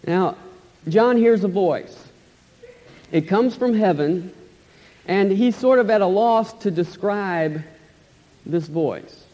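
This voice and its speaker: High-voiced pastor preaching in a reverberant hall. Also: male voice, expressive, slow, long pauses. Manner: enthusiastic, emphatic repetition, trailing off softly at phrase ends. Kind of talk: expository sermon. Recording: long hall reverb, dull lo-fi sound.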